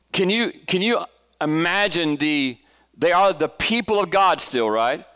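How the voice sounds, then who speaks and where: A man's voice: a little high, a bit bright. A man teaching a church Bible study in a conversational way, asking the congregation questions, enthusiastic, with restarts and fillers. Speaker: pastor.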